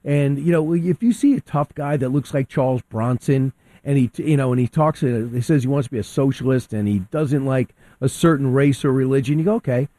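Heated man with a dry mellow voice. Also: mid-range voice, brisk, few pauses, no echo. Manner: heated, restarts and repeats words, acts out quotes. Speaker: radio guest commentator. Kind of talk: opinionated talk radio discussion.

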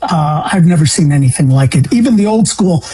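Husky, indignant man from Illinois. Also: fairly high pitch, expressive, brisk, mellow, rough recording. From Illinois, USA. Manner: indignant, emphatic, voice jumping upward. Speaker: guest, grieving father. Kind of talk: talk radio interview.

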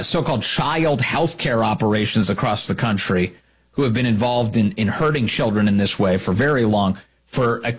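A man's voice: mid-range voice, slightly rough. A man hosting a talk show, delivering an emphatic, opinionated monologue and repeating key lines for effect.

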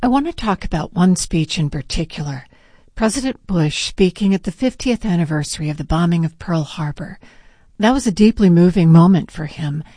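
Calm woman interviewer, warm mellow voice, dry close sound. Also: fairly low pitch, normal speed, no echo. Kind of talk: interview questions.

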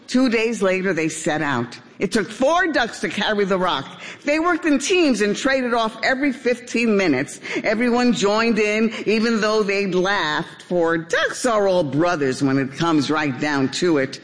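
An older woman reading a children's story aloud in an expressive storybook style. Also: medium pitch, unhurried, few pauses, long reverb tail.

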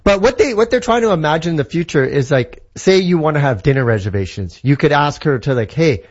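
A man's voice: a little high, expressive, a little fast, highs cut off. A man from Canada explaining a tech product in an enthusiastic, casual way, with lots of examples and fillers. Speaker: tech guest.

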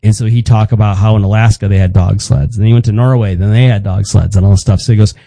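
A man in his fifties telling a family story in casual chat, wry and halting, with frequent restarts. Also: fairly low pitch, fairly even intonation, creaky, warm tone, no echo, poor audio. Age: 50s.

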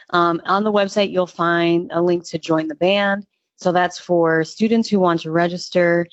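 A woman's voice: fairly low pitch, dry recording, dull audio. A woman, a nonprofit's executive director, answering radio interview questions in an upbeat, earnest way with frequent ums.

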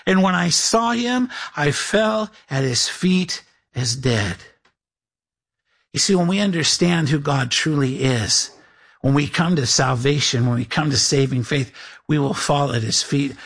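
A man's voice: on the high side, unhurried, gravelly, a bit bright, slightly rough. A man preaching as a pastor, reading scripture aloud and acting out imagined listeners. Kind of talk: sermon.

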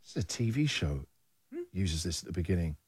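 A man's voice: low-pitched, animated, brisk, over loud music. A man hosting a radio show who jokes around, laughs often and reads out listener emails. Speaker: radio host. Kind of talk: breakfast radio segment.

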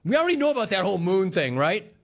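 A man's voice: sits high, very animated, racing, vocal fry. A man hosting a sports talk radio show, ranting and telling stories with sarcasm, mimicking callers and his own family.

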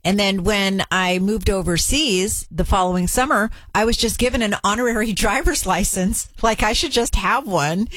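A woman's voice: mid-range voice, normal speed, few pauses, fairly bright tone, no room sound. A woman hosting a radio show, chatting casually and joking at her own expense. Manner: chatty and self-deprecating.

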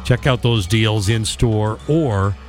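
A man's voice: lowish voice, slow pace, soft background music. A man co-hosting a radio show, reading ads and trivia in a casual chat with dry quips. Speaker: radio co-host.

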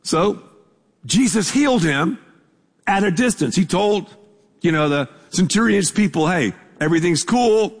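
High-voiced, husky preacher man in a reverberant hall. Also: expressive, unhurried, long pauses. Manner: casual, conversational preaching with repetition and asides. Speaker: pastor. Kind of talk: sermon. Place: church sanctuary with screens. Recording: long hall reverb from a large room.

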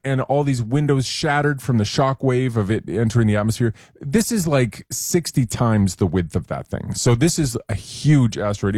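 A man's voice: medium pitch, a little mellow, no echo, studio quality. A man speaking as the science expert on a radio talk show, explaining things in a casual, chatty way with small jokes.

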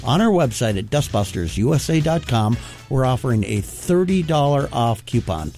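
A man's voice: mid-range voice, very animated, moderate pace, darkish tone. A man reading a radio ad for his own business in a folksy, plain-spoken way. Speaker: business owner in an ad. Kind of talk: radio ad read. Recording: faint music bed.

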